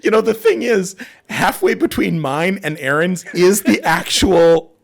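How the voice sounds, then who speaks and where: A middle-aged man hosting a casual gameplay stream, talking excitedly, swearing and laughing. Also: high voice, measured pace, gravelly. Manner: animated, swearing, bursts of laughter, reading aloud. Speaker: streamer host.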